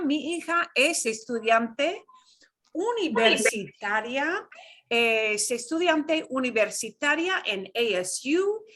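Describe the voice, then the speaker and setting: A middle-aged woman teaching a beginner Spanish class, modeling phrases slowly and clearly while explaining in English. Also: high voice, pushed and bright. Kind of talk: beginner language lesson.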